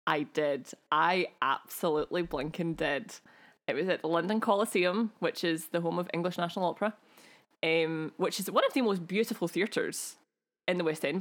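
A woman's voice: on the low side, fairly bright tone. A woman co-hosting a podcast in casual chat, gushing and laughing often. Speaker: podcast co-host.

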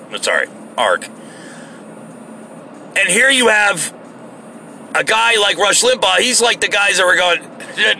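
A man's voice: high voice, sing-song, measured pace, creaky, long pauses, sharp tone, a little hiss or hum. A man delivering a heated, sarcastic monologue full of swearing. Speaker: online commentator. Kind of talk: profane ranting monologue.

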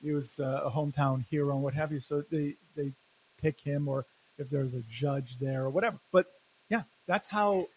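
A man co-hosting a casual sports podcast, talking in animated, jokey rants and laughing often. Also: on the high side, moderate pace, slight background noise, low-quality recording. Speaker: podcast co-host.

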